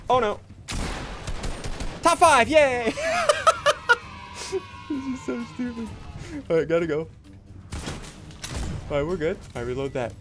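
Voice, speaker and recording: Excitable young man commenting gameplay. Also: fairly high pitch, normal speed, pauses often, over music. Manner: excitable, jokey, yelps and laughs mid-play. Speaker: gaming channel host.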